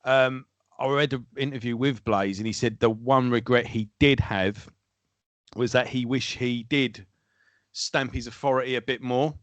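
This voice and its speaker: A man's voice: mid-range voice, fairly even intonation, normal speed, dry recording, muffled recording. Man, rambling podcast co-host, dry close sound, casual chat. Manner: rambling, loses his train of thought.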